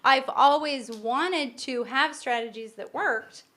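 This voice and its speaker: A woman's voice: high voice, slow pace, bright, forceful tone. A middle-aged woman co-hosting a podcast, explaining her views earnestly and at length, often restarting her sentences. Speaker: podcast co-host. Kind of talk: casual podcast conversation.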